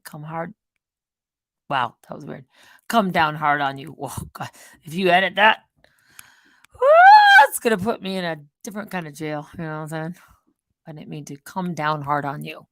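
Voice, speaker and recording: A woman hosting her own channel, rambling in a casual monologue that swings between loud outbursts and quiet muttered asides. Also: fairly low pitch, no room sound. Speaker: channel host.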